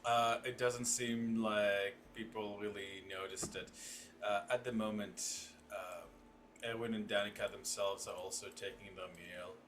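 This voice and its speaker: A man narrating as game master for a tabletop game, halting with many fillers. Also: lowish voice, little pitch movement, fairly bright tone, a little hiss or hum.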